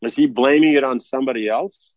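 A man preaching a sermon, blunt and scolding, with a stream of rhetorical questions. His voice sits at a middling pitch, recorded dry and a bit dull. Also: quick pace, dry recording. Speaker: spiritual teacher.

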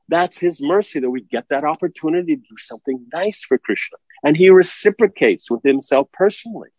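A man's voice: on the high side, darkish tone, slightly rough, dry recording. Guy giving a sermon, blunt, scolding, lots of rhetorical questions, dry dull recording. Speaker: spiritual teacher.

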